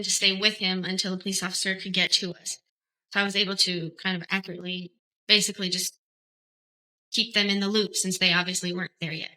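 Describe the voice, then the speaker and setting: Brief: woman defendant giving hesitant courtroom testimony, bright tone. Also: medium pitch, poor audio. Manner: hesitant, halting answers.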